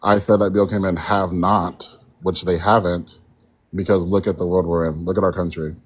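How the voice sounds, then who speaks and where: Deep-voiced man arguing point by point. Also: little pitch movement, normal speed, breathy edge. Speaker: panel guest. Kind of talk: heated live panel debate.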